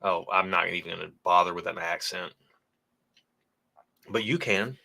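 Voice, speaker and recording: Bright-voiced, low-pitched man chatting casually. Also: moderate pace, vocal fry. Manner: laid-back, joking, chatty. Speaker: whiskey channel co-host. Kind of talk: casual livestream chat reading donations.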